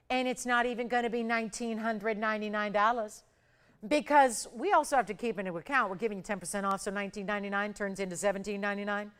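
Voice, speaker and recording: Excitable woman hosting live jewelry sales. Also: mid-range voice, smooth. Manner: urgent, excitable, building hype over prices. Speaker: jewelry shopping channel host. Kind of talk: live home-shopping sales pitch.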